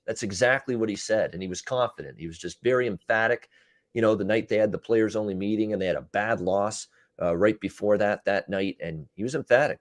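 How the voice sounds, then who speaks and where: A man hosting a casual sports betting chat, recapping games in quick runs with frequent "uh" fillers. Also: on the low side, dry recording, studio quality. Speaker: betting show host and handicapper.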